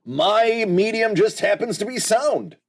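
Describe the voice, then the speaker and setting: An American man hosting a casual livestream, joking with his chat and calling viewers by name. His voice sits high and swings widely in pitch, while he talks at an unhurried pace. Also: lively intonation. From United States. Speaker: livestream host.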